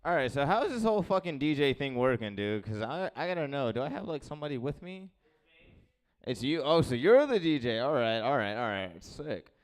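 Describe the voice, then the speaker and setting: A man doing stand-up on a club stage, laid-back and mumbling, breaking into bursts of shouting at the crowd. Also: medium pitch, sing-song, fairly quick. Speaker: stand-up comedian.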